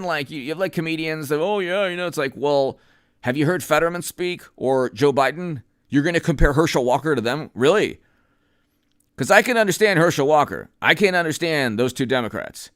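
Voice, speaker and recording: A man's voice: medium pitch, a bit bright, no echo, clean studio sound. Emphatic rambling male political commentator. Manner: rambling, emphatic, with frequent restarts; reads out viewer names and thanks them. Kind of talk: unscripted political commentary livestream.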